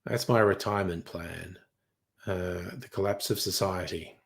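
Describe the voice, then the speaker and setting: A man's voice: sits low, a little slow, vocal fry. A young man reading headlines in a casual chat, crude and sardonic, swearing freely. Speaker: streamer.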